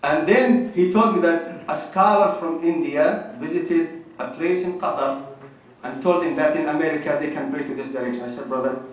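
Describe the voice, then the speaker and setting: A man's voice: on the high side, moderate pace. A man giving an informal religious lecture, chatty and joking, with personal stories. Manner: conversational, joking, tells personal anecdotes. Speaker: Islamic lecturer. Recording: very echoey hall, mic at a distance.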